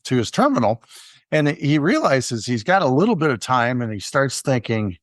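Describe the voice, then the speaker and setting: A man's voice: mid-range voice, sing-song, moderate pace, dry recording, clean studio sound. A man co-hosting a podcast, telling stories in a rambling way with many ums and uhs. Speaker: podcast co-host. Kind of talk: conversational storytelling.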